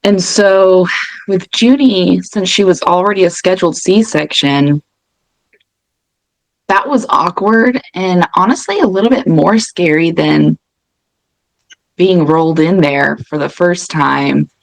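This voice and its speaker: A woman with a fairly low voice talks in a casual, conversational way and often stops to rephrase. The recording is dry and close. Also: takes it slowly, gravelly, no echo, rough recording. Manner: conversational, with frequent restarts and fillers. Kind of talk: casual chat.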